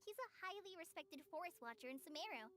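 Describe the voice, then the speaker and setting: A woman's voice: very high voice, animated, fast, fairly bright tone. A woman voicing an earnest, cheerful young female apprentice in a video game, speaking eagerly.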